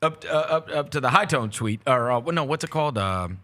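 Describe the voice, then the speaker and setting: A man hosting a sports talk show, telling a story with lively, animated delivery and acting out the people in it. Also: on the high side, brisk. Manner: animated, acts out voices in his stories. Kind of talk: casual storytelling chat.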